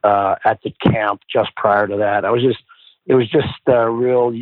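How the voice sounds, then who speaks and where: A middle-aged man with a slightly low voice tells stories in a loose, profane way and slips into the voices of the people he quotes. The sound is thin and phone-like, close and completely dry. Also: fairly even intonation, moderate pace, no room sound. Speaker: guest, former hockey player. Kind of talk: casual storytelling.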